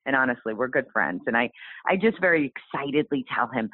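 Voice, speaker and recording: A low-pitched woman tells her story as an interview guest, her voice swooping up and down with animated, exclaiming energy. The sound is dry and tinny, like a phone line. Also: fairly quick, no room sound. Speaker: guest author.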